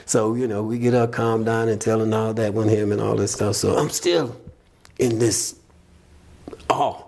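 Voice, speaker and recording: A man's voice: lowish voice, fairly even intonation, unhurried, gravelly, darkish tone, a little hiss or hum. A man as a podcast guest, telling his faith testimony in an earnest, reflective, conversational way and acting out what people said. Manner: earnest, reflective, retells scenes by voicing people.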